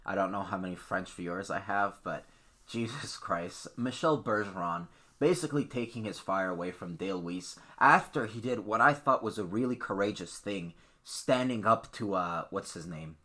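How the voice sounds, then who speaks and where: A man's voice: lowish voice, normal speed, pushed and bright. A man hosting a sports podcast, talking bluntly and opinionatedly in a ranting, casual way. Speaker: podcast host.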